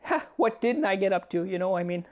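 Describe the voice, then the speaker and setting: A man playing an earnest, rambling male professor in a comedy sketch impression, with a reedy voice and lofty, halting phrasing. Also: high voice, expressive, a little mellow. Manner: pondering pauses, lofty phrasing.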